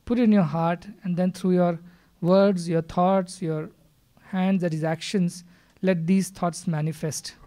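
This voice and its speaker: A man giving a live spiritual discourse in a hall, speaking in a measured way and explaining with stories and scripture verses. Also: sits high, fairly even intonation, mellow. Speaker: spiritual teacher. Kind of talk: satsang discourse.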